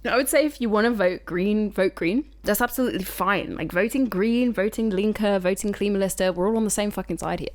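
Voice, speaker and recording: A woman's voice: medium pitch, fairly quick, hardly any pauses. A woman from the United Kingdom, a climate activist guest, chatting casually on a podcast, frank and rambling, swearing freely. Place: indoor recording.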